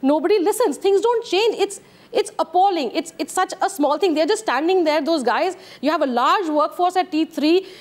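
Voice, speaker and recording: A woman's voice: extremely high pitch, normal speed. A woman with an Indian English accent speaking as a guest on a television debate, earnest and frustrated.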